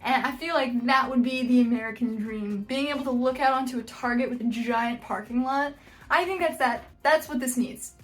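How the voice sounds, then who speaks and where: High-voiced woman joking on a vlog. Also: moderate pace. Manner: jokey, self-deprecating, animated. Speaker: video host. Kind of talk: casual reaction vlog.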